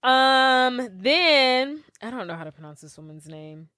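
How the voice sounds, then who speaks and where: A woman's voice: high voice, sing-song, measured pace, bright, forceful tone, clear, resonant tone, dry recording. Chatty young woman podcaster, dry close mic. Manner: chatty, reads out trivia, acts out quotes. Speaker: podcast co-host. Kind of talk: casual chat.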